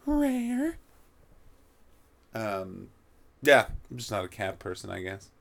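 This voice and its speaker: A young man hosting a podcast, rambling and swearing as he rants, his voice rough and gravelly. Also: deep voice, steady tone, moderate pace. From North America. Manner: profane, rambling, heats up into shouting rants. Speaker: podcast host. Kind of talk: casual comedic rant.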